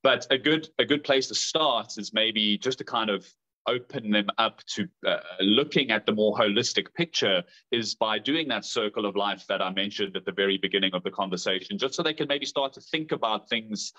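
A man who works as a therapist and coach, answering questions in a measured, thoughtful way. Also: fairly low pitch, bright, forceful tone. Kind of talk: casual chat. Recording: dull lo-fi sound.

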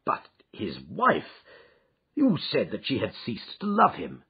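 Brief: male narrator doing a skeptical friendly doctor, husky, very lively pitch, lo-fi. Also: a little slow, heavily acted. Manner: skeptical, wry. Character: good-natured male doctor companion, doubting. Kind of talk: audiobook character reading. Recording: dull, muffled audio.

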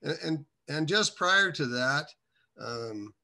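Man, bright forceful tone, halting meandering testimony, casual storytelling. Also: fairly high pitch, expressive. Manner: halting, meandering delivery with many restarts. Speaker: guest telling his faith testimony.

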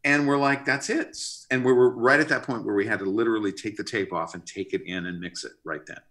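A middle-aged man, a record producer, telling an animated story in a casual interview. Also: on the low side, fast. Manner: animated, expressive, pushes to sudden bursts. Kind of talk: storytelling anecdote in casual conversation.

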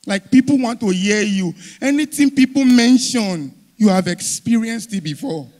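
A young Nigerian man doing stand-up comedy, telling stories in an exasperated rant that swings from low, muttered asides to loud outbursts. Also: animated, moderate pace. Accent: Nigerian English.

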